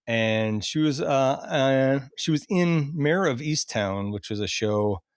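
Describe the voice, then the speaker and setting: A man's voice: medium pitch, animated, slow pace, smooth, no echo, clean studio sound. A man hosting a casual podcast, chatting loosely and laughing often as he runs through a cast list. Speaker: podcast host. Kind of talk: casual chat.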